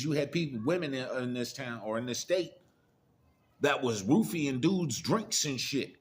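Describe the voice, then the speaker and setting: A middle-aged man giving a profane, preachy monologue of blunt warnings in casual rant style. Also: on the high side. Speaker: commentator.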